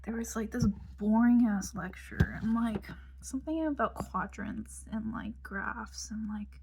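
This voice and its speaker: A woman's voice: fairly high pitch, a little slow, gravelly, darkish tone, a little hiss or hum. A young woman telling a rambling casual story, full of fillers and dropping into whispered asides while she does her makeup. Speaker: vlogger.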